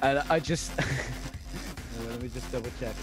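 A man's voice: mid-range voice, slow, loud music behind the voice. A man playing in a tabletop game, brash and profane. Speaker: player.

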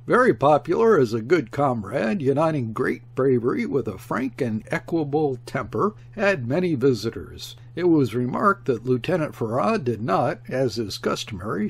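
A man reading a classic novel aloud as an audiobook narrator, expressive, and shifting his tone for the characters' quoted lines. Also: medium pitch, vocal fry, breathy edge. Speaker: audiobook reader. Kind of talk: scripted narration.

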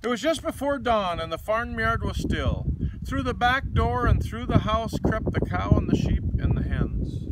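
A man hosting a children's show, reading a picture book aloud outdoors in a rural spot with chatty asides between pages, loud wind noise on the mic. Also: very high voice, expressive, normal speed.

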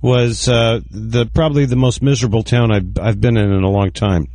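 A man's voice: on the low side, fairly even intonation, moderate pace, darkish tone, dry recording. A man chatting on a radio show, telling stories and acting out the people he meets. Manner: chatty storyteller, acts out people he quotes. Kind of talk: casual radio talk.

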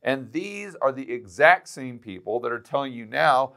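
A man's voice: medium pitch, lively intonation, moderate pace, vocal fry, fairly bright tone. Sarcastic man hosting a finance video. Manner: sarcastic, emphatic repetition. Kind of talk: direct-to-camera economic commentary.

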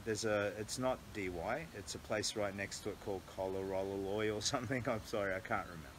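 An Australian man with a very low voice chats on a phone livestream, candid and earnest as he rambles from thought to thought. He is recorded in a small cabin through earbuds or the phone's own mic. A faint ambient hiss sits behind him. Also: a little fast, rough recording. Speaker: charity walker livestreaming. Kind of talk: casual livestream vlog. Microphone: earbud mic, then phone mic.

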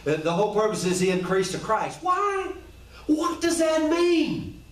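A man's voice: very high voice, steady tone, measured pace. A man preaching an informal sermon in a colloquial way, asking the congregation question after question. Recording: echoey room, voice from far off the mic.

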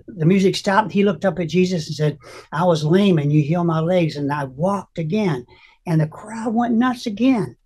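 An older man with a husky, breathy voice recounts a personal faith testimony as an interview guest. He tells it earnestly and with deep emotion, acting out the lines he quotes. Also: a little mellow. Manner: emotional, earnest storyteller who acts out quotes.

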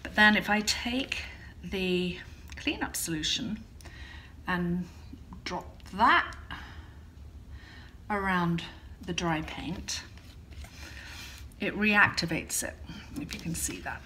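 A woman's voice: fairly low pitch, slow pace, pauses often, bright, forceful tone, a little hiss or hum. A woman hosting a casual art tutorial, chatting in a rambling way with frequent ums and self-corrections as she demonstrates at home.

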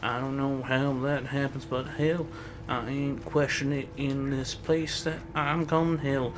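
A man's voice: medium pitch, level tone, unhurried. A man giving joking, sarcastic commentary while playing a game, swearing often, over a noisy background. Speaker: let's play gamer. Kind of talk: gameplay commentary.

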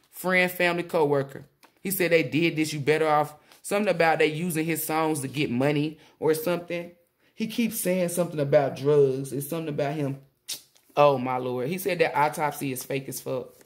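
A woman tarot reader talking casually to viewers, rambling and excitable, often exclaiming and relaying messages in blunt slang with swearing. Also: low voice, normal speed. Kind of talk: casual spiritual reading to viewers.

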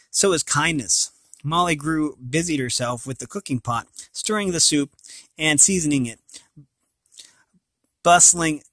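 A man reading a fantasy novel aloud in a plain, unhurried way, with frequent slips and restarts. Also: on the high side, a bit bright, dry recording. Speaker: reader.

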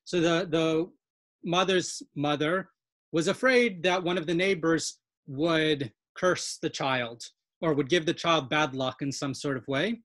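A woman's voice: sits low, unhurried, no room sound. A woman leads an online language lesson over a video call, bubbling with self-confessed nerdy enthusiasm. She explains word origins with plenty of "um"s and "uh"s. Her voice sits close and dry. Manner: enthusiastic, self-described nerd, explains with many fillers. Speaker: Yiddish dialect instructor. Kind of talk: online webinar lecture.

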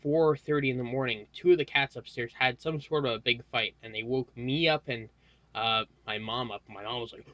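A tired young man giving a casual, rambling hardware walkthrough, halting often with fillers as he moves around the camera mic. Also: medium pitch, fairly bright tone, no room sound. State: tired, yawning. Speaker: tech hobbyist vlogger.

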